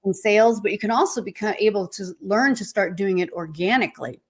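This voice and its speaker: Female coach co-host, mid-pitched, energetic and encouraging, casual podcast talk. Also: a little fast, breathy edge.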